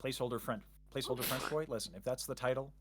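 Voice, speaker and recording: A man's voice: medium pitch, racing, a little hiss or hum. A man chatting casually as a guest, rambling and self-interrupting with jokes. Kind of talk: casual chat.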